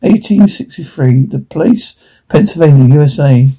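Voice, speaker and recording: A man reading the part of a grown man companion with a dry, sarcastic manner and a husky voice. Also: on the high side, lively intonation, moderate pace, dark tone, low-quality recording.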